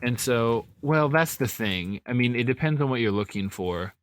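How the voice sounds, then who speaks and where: A man's voice: mid-range voice, expressive, normal speed, dry recording, clean studio sound. A man co-hosting a podcast, talking in a rambling, easygoing way with many fillers. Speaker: podcast co-host. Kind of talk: casual chat.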